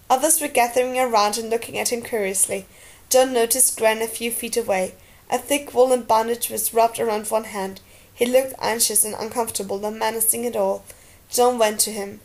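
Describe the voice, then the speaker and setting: A woman reading a novel aloud as narrator, with an expressive storytelling delivery. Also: on the high side. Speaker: audiobook reader.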